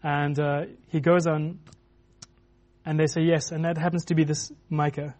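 A man's voice: a little high, level tone, moderate pace, darkish tone. A man preaching a sermon in a loose, conversational way, with many restarts and filler words.

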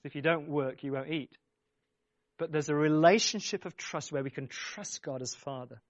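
A man's voice: fairly high pitch, normal speed, no echo, muffled recording. A man preaching a sermon, speaking emphatically, repeating his phrases and urging the congregation on. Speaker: pastor.

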